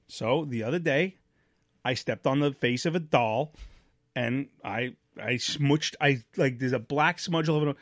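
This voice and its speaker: A man's voice: mid-range voice, measured pace, no echo, clean studio sound. A man co-hosting a casual podcast chat about family life, telling stories bluntly with lots of restarts and casual swearing. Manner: rambling storyteller with many restarts and fillers. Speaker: podcast co-host; father of young children.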